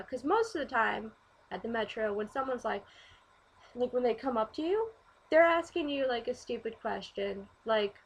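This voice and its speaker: A young woman in her twenties telling stories in a casual vlog, animated, swearing freely and saying "like" a lot. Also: on the high side, measured pace, highs cut off. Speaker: vlogger.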